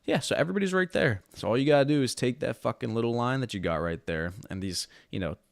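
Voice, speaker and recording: A man's voice: mid-range voice, expressive, fast, gravelly, dry recording, studio quality. A man co-hosting a casual podcast, brash and hyped up, swearing freely. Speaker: podcast co-host.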